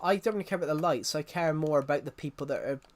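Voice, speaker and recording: A man's voice: on the high side, fast. A man who grew up in the United Kingdom chatting casually on a live stream, rambling and laughing with frequent restarts.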